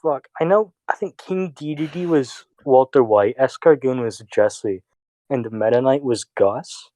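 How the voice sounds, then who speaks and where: A young man co-hosting a podcast, chatting casually in a quick, excitable, jokey way. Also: medium pitch, no room sound, rough recording. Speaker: podcast co-host. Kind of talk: casual chat.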